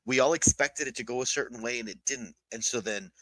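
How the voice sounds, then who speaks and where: Bright, animated man in a dry podcast chat. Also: mid-range voice, brisk, dry recording, poor audio. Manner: animated, swearing, acts out quotes. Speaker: podcast co-host. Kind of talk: casual chat.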